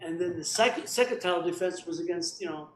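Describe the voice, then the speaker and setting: A man in his sixties, a guest on an interview show, telling stories in animated, joking bursts. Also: high voice, fast talker. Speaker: interview guest, former boxer. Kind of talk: casual chat over a call. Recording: echoey room with crowd noise.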